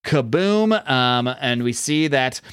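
A man's voice: medium pitch, lively intonation, takes it slowly, a bit bright, clean tone, no echo, studio quality. A man casually recapping a comic story, rambling with lots of fillers and quoting characters in his own plain voice. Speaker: comic book recap host.

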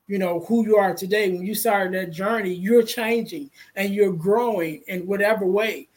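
A man hosting a casual podcast interview, speaking in a measured, affirming way. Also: high voice. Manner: measured, affirming, says "you know" often. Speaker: podcast host.

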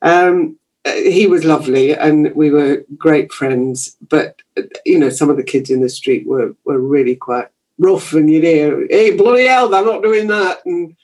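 A woman's voice: deep voice, a little slow, warm tone, low-quality recording. Older posh-spoken English woman reminiscing. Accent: received pronunciation. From Yorkshire, England. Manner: chatty, self-deprecating, many fillers. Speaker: guest, broadcaster. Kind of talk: reminiscing interview talk.

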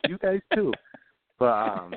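A man calling into a show, nervous and halting, laughing between words. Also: medium pitch, big pitch swings, crowd noise. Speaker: caller. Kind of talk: casual chat. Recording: tinny phone line.

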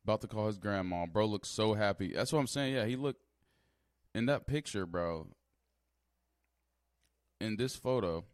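A man's voice: fairly low pitch, normal speed, long pauses, clean tone, dry recording, studio quality. Slangy young man reacting to news. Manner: loose slang-heavy talk, frequent laughs and asides. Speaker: streamer reacting to news clips. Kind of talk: casual reaction commentary.

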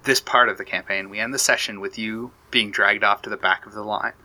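A man's voice: fairly low pitch, steady tone, brisk, sharp tone. A man running a tabletop role-playing game as game master, narrating scenes with frequent restarts. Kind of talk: narrating a tabletop war campaign.

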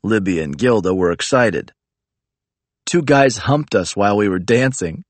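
Guy reading his own story, low voice, flat and sweary, dead dry sound. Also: measured pace, dry recording. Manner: flat, profane, matter-of-fact. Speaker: narrator. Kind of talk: first-person story reading.

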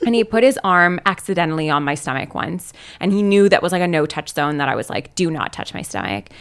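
A woman's voice: lowish voice, fast talker, smooth. A young adult woman talking as a podcast guest, telling heartfelt stories in an emphatic, casual way full of "like". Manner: emphatic, heartfelt storytelling with lots of "like". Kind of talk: casual chat.

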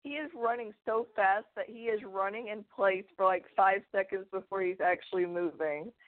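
A woman's voice: mid-range voice, moderate pace, no room sound. A woman co-hosting a podcast from home, chatting casually with joking asides. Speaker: podcast co-host. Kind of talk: casual chat. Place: home with hardwood floors. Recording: dry, tinny phone-like line.

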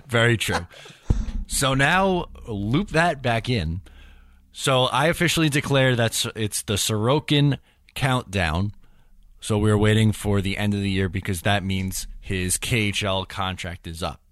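Male podcast co-host, low-pitched, filler-heavy casual talker, dry booth sound. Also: measured pace, a bit bright, no room sound. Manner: rambling, filler-heavy, overthinking. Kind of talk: casual chat.

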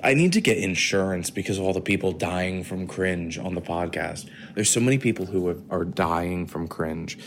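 Low-voiced joking man on a phone. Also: moderate pace, hardly any pauses, a little hiss or hum. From United States. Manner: profane, jokey, talks quietly with sudden loud bursts. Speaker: podcast host. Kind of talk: rambling late-night kitchen monologue. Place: home kitchen at night.

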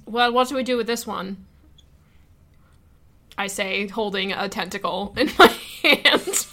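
A woman's voice: medium pitch, measured pace, bright, forceful tone. A woman playing a tabletop game, blunt and joking in casual chat. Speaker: player.

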